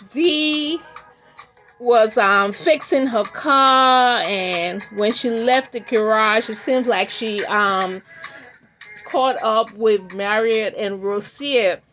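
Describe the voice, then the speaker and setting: Slow-talking high-voiced woman reaction host. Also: fairly bright tone. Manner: indignant, scolding, repeats questions. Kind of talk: casual commentary.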